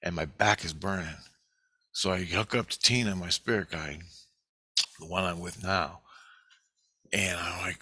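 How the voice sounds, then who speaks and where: A man's voice: low-pitched, fairly even intonation, unhurried, pauses often, bright, forceful tone, slightly rough, no echo. A man telling a rambling personal story in a casual, profane way.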